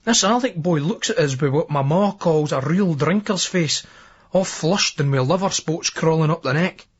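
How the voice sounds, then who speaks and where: A man's voice: fairly high pitch, breathy edge, highs cut off. A man with a Scottish accent narrating a novel in first person, in coarse dialect storytelling. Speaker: audiobook narrator.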